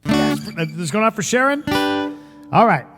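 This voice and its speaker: Chatty music-stream host, a man with a high voice and a guitar behind him, some hall reverb. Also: big pitch swings, normal speed, vocal fry. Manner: chatty, joking, greets viewers by name. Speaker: musician and livestream show host. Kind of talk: casual chat with viewers.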